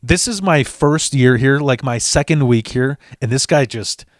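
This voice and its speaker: A man's voice: mid-range voice, a little slow, no echo, studio quality. A man hosting a podcast, telling a story in a fired-up, profane way, tripping over restarts. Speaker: podcast host. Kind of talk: casual storytelling. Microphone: studio mic.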